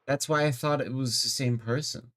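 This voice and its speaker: A man's voice: medium pitch, steady tone, normal speed, a bit bright, a little hiss or hum. A man streaming a game, chatting casually with friends in a laid-back, chuckling, rambling way. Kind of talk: casual gaming chat with friends.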